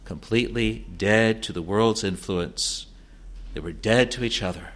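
A man preaching an expository sermon, quoting scripture in old wording and repeating phrases for emphasis, moving between hushed low passages and rising, insistent declarations. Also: measured pace.

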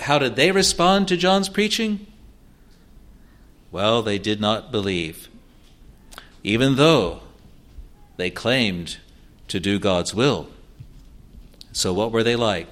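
A man's voice: mid-range voice, fairly bright tone. Earnest man preaching an expository sermon. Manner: earnest, asks rhetorical questions and answers them; halting at times, with restarts.

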